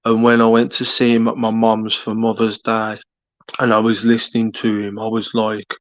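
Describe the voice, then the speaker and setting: A man with a Birmingham accent chatting casually on a late-night live stream, rambling and halting with lots of fillers. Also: fairly low pitch, completely flat delivery, no room sound, lo-fi sound.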